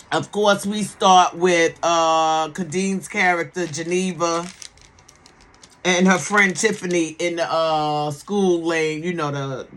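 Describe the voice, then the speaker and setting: A woman's voice: lowish voice, fairly even intonation, slow, long pauses. A woman giving casual commentary on a TV series. She talks in a sassy, emphatic way, repeats words for emphasis and keeps checking in with the listener. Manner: sassy, emphatic, keeps asking "okay?" for agreement. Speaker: TV series reviewer.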